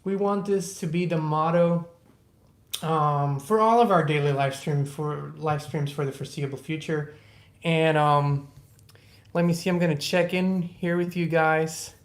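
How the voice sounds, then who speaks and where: A livestream host giving a calm, soothing motivational talk, greeting viewers by name and guiding slow breathing. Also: medium pitch, echoey room.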